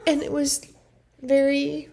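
Woman vlogger, fairly high voice with gravelly fry, earnest and emotional storytelling. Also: completely flat delivery, takes it slowly, warm tone, a little hiss or hum. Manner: earnest, emotional, heavy use of "like". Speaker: vlogger and family caregiver. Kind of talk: personal storytelling to camera.

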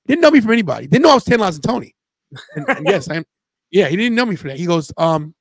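Podcast host, male, high-pitched, chatty storyteller; dry close mic. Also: fast talker, creaky, dry recording. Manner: animated storyteller, quotes friends in a loose slangy way. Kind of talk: casual watch-party chat.

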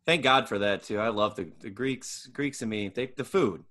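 A man's voice: fairly low pitch, moderate pace, a bit bright. A man co-hosting a podcast, playful and often laughing in casual banter. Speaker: podcast co-host.

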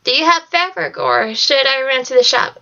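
A woman reading aloud, voicing a gentle elderly grandmother who speaks softly, slowly and soothingly. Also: high voice, muffled recording. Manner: soft, slow, soothing. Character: soft-spoken elderly grandmother, gentle and doting.

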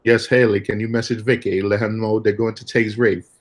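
Guy in a car passenger seat, kinda low voice, easygoing, reading out chat. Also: level tone, a little fast, slight background noise. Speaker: passenger and co-host. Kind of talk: casual chat, relaying the live chat. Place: car on the road.

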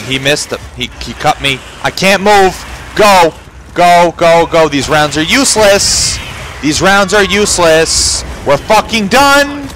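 A man commentating a video game playthrough, swearing constantly and shouting when panicked. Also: mid-range voice, slight background noise. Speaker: gamer. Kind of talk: profane let's-play commentary. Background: game music and sound effects.

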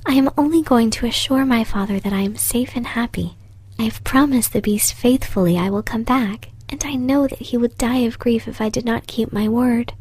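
A woman voicing a kind, earnest young woman in a breathy whisper, as whispered role-play. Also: on the high side, normal speed, darkish tone, no echo. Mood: tender.

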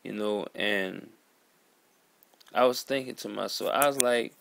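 A man in an earnest, halting vlog monologue, sitting at home at his computer. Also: on the low side, creaky, fairly bright tone, a little hiss or hum. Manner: earnest, halting, repeats words and calls listener "man". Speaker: vlogger. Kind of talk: emotional monologue to camera.

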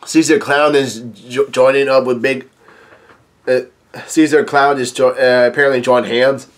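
A man casually reading through a comic chapter, with halting, stop-and-start delivery. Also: mid-range voice, steady tone. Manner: halting, many restarts and fillers. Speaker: comic reader and YouTube reviewer.

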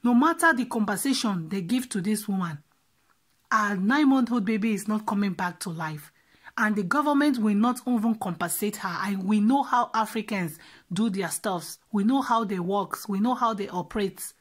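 A woman's voice: medium pitch, normal speed. A woman giving upset, repetitive commentary on a news story as a vlogger. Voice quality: husky.

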